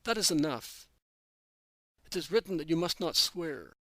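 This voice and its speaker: A man voicing Jesus, a calm, stern adult teacher, speaking in a measured way in a read-aloud story. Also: a little high, dry recording.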